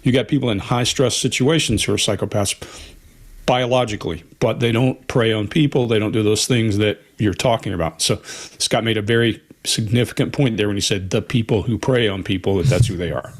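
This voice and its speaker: A man's voice: fairly low pitch, fairly quick. A man co-hosting a live Q&A on body language, speaking earnestly and repeating points for emphasis. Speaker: co-host, body language expert. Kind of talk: live Q&A chat.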